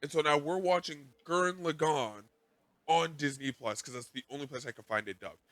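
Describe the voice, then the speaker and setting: A man's voice: on the high side, normal speed, a bit bright, no room sound. A man hosting a podcast, telling a rambling, self-mocking story in casual chat, swearing freely. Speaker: podcast host.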